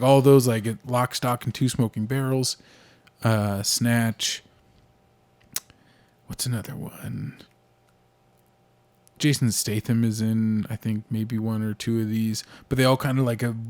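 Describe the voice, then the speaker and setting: With a mid-range, slightly mellow voice, a young man from the United States co-hosts a casual podcast about politics and movies. He rambles, using lots of fillers and frequently restarting.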